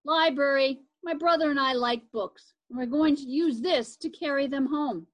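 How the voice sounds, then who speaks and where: A woman reading aloud, voicing a brisk, determined older sister in a children's story. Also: high voice, natural voice.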